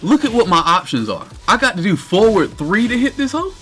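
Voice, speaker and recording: A man's voice: high voice, brisk, faint music behind. A man streaming live, ranting in exasperated detail about a fighting game character. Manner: animated, incredulous, cursing.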